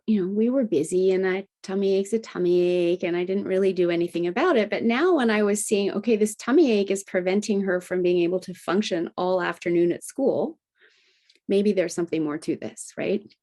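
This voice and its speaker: A middle-aged woman, a guest on a podcast who works as an integrative health practitioner and health coach, shares her family story in a relaxed, chatty way. Her voice is mid-pitched, brisk and mellow, and she often tacks on "you know" and "right?" to check in. When she recalls past conversations, she acts out the dialogue by raising her pitch.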